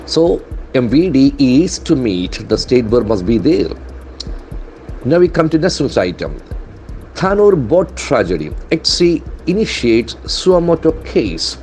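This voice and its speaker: A man teaching from newspaper headlines, deliberately spelling out and repeating words. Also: medium pitch, very animated, a little mellow, faint music behind. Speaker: English language trainer. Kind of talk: newspaper-based English lesson.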